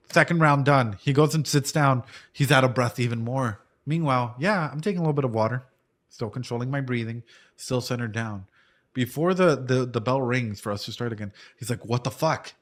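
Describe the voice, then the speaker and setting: Rambling, casual man telling a fight story. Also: mid-range voice. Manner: rambling storytelling, swearing, lots of "dude" and "right?". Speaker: reaction streamer and martial arts coach. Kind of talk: casual chat reacting to anime.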